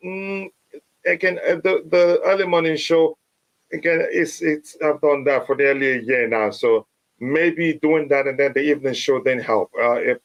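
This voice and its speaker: Live stream host, male, slightly high voice, strained and losing it, halting delivery with lots of fillers. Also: dull audio. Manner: hesitant, many fillers and restarts. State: losing his voice. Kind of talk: casual live stream chat.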